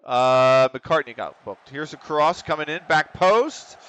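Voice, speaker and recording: Excitable male streamer, bright voice. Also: fairly high pitch, measured pace, clear, resonant tone. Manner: excitable, swears, talks to players on screen. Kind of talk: live reactive commentary over a football management game.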